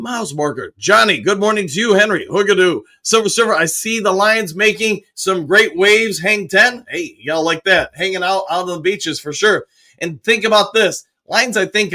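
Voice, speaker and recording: A man's voice: high-pitched, bright, forceful tone. A man hosting a casual live stream, greeting chatters by name and reading their comments aloud. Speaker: host reading viewer comments.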